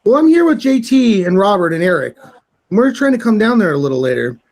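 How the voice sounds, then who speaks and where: A man guesting on a podcast, chatting casually and prank-calling a restaurant in a deadpan, playfully demanding way. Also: high voice, fairly quick. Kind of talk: casual chat and prank call.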